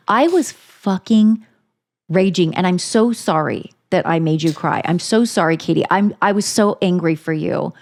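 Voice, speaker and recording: Woman podcast co-host, fired-up and foul-mouthed, average pitch. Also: darkish tone. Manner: heated, profane ranting. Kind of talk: casual chat.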